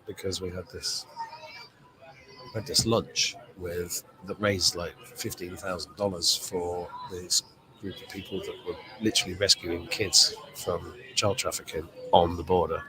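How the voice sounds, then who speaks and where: A man with a somewhat low voice talks in a loose, rambling livestream chat. He swears freely and reads out viewer comments as he goes, recorded at an airport. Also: noisy background. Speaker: show host.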